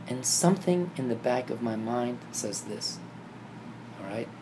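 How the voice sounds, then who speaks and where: A man casually telling a vivid dream story, acting out the scenes and getting animated and higher when excited. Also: measured pace. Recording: noisy background ambience.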